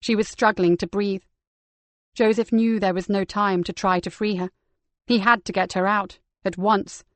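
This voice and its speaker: A woman narrating a crime novel audiobook in a steady, measured reading. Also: mid-range voice, dry recording. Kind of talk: scripted crime fiction narration.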